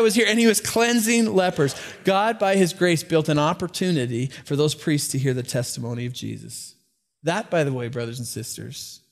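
Animated high-voiced male pastor preaching. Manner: storytelling, animated with asides and small laughs. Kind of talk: sermon.

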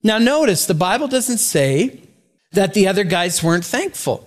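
A man's voice: high-pitched, sing-song, normal speed. A middle-aged man preaching a sermon as pastor, conversational and joking, often stumbling over repeated words. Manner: conversational, stammers on repeated words, jokes with the congregation.

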